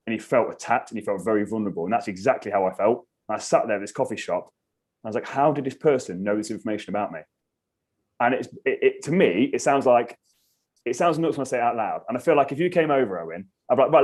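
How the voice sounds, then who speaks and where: A man, a podcast guest telling a story in casual chat, animated and swearing freely. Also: fairly low pitch, breathy edge. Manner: animated, swears freely, acts out his own reactions.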